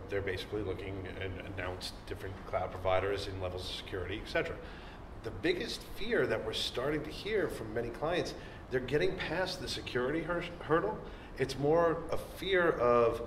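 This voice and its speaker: A man on a discussion panel speaking in a measured way, with frequent fillers. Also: medium pitch. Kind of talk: conversational panel talk. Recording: echoey room, distant mic, noise.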